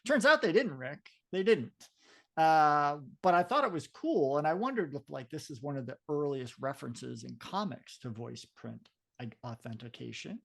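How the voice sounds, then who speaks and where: A man's voice: a little high, sing-song, normal speed, creaky, a bit bright. A man co-hosting a podcast in casual chat, explaining things in a talkative way and laughing easily. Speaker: podcast co-host.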